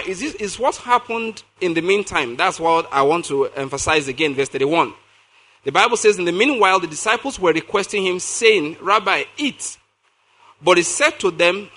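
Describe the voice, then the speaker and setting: A male preacher with a high, bright, ringing voice reads scripture slowly and explains it in a sermon. He stresses his points emphatically, repeating key words and phrases. He keeps checking in with his audience by asking them questions.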